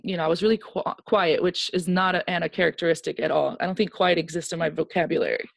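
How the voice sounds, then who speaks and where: A woman's voice: lowish voice, gravelly, no room sound. A woman being interviewed, telling a personal story in a candid, emotional way and acting out the voices of the people in it. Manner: animated storyteller who acts out quoted dialogue. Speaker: guest.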